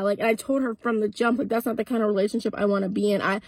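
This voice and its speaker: A woman's voice: mid-range voice, fairly even intonation, very fast, hardly any pauses, slightly rough, dry recording. An eighteen-year-old woman telling a storytime vlog in a casual, blunt way, swearing freely and acting out both sides of old arguments. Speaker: content creator.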